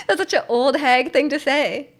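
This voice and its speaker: Young woman streamer, chatty and rambling over gameplay, slightly high voice. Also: lively intonation, a little slow. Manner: chatty and rambling, many fillers and restarts. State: clearing her throat. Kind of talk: casual live-stream chat over gameplay.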